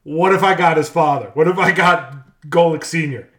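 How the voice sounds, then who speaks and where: A man co-hosting a podcast with a high, bright, sharp voice, teasing and matter-of-fact. The sound has an echoey room around it. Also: moderate pace. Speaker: podcast co-host. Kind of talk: casual podcast banter.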